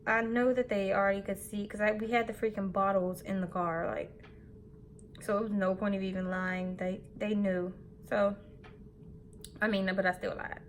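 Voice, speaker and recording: A young woman in her twenties telling a candid, animated story about her own mistake while getting ready, swearing casually. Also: mid-range voice, slight background noise. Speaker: beauty vlogger.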